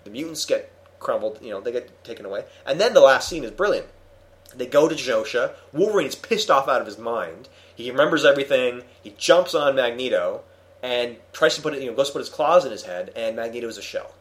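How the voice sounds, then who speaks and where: A man hosting a casual comics discussion, retelling a story with animated enthusiasm and many restarts. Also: medium pitch, a little fast. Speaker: podcast host reviewing comics. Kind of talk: casual chat.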